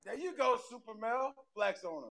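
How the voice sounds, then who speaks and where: A man on a casual gaming podcast, excitable and trash-talking while he plays. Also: very high voice, moderate pace. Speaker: podcast co-host. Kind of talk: casual chat.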